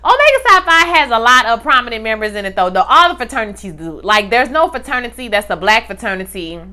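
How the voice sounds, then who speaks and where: A woman giving a casual comedic TV recap, animated and sassy, full of slang, acting out the characters' lines. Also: on the high side, fast. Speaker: TV recap reviewer.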